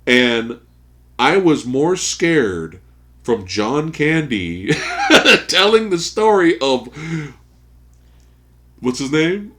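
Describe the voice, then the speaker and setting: A man co-hosting a casual podcast chat, telling stories in a profane, animated way and laughing often. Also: on the high side, slow. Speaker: podcast co-host.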